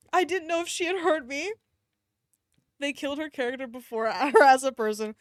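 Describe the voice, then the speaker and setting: A young woman streamer reading fanfiction aloud, reacting with animated outbursts, swearing and laughter. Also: high voice, normal speed, no echo, studio quality.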